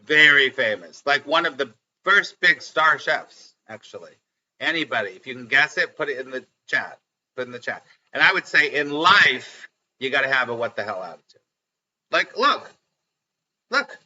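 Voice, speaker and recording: Bright, animated middle-aged man streaming. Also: mid-range voice, moderate pace, lo-fi sound. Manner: animated and chatty, often laughing and repeating lines. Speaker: spiritual teacher hosting a live stream. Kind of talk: casual live-stream chat.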